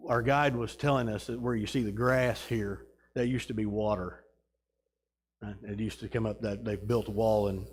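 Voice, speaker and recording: Rambling man teaching a church class. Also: medium pitch. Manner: rambling, many restarts and fillers. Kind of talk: casual slideshow talk about a trip.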